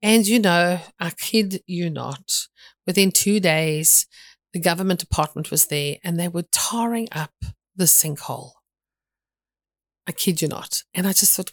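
A woman's voice: lowish voice, a little slow, dry recording. A middle-aged woman preaching a sermon, telling stories in an earnest way with frequent restarts.

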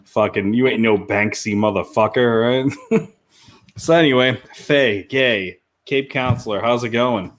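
Foul-mouthed teasing podcast host. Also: male voice, medium pitch, unhurried. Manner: crude, teasing, laughs a lot. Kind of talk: casual profane banter.

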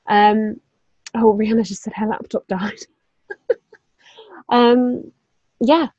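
A woman's voice: fairly high pitch, fairly even intonation, takes it slowly, long pauses, darkish tone, slightly rough, no echo, highs cut off. A young woman co-hosting a podcast, chatting casually with plenty of fillers, asides and the odd swear word. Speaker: podcast co-host. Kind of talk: casual chat.

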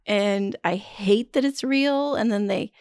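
A woman's voice: mid-range voice, slow, a little mellow, clean tone, no room sound, clean studio sound. A woman co-hosting a podcast, reviewing a film in casual chat and laughing often.

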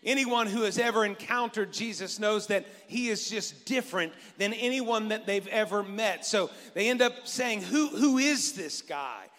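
A man's voice: sits high, moderate pace, hardly any pauses, pushed and bright. A man preaching a sermon as pastor, reading scripture and talking it over conversationally, asking the congregation questions. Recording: long reverb in a large hall.

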